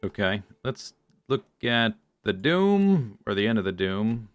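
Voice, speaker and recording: Man, streamer, low voice, dry close sound, thinks aloud, mutters, casual gaming commentary. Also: sing-song, measured pace, dry recording, muffled recording, soft background music. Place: home streaming setup.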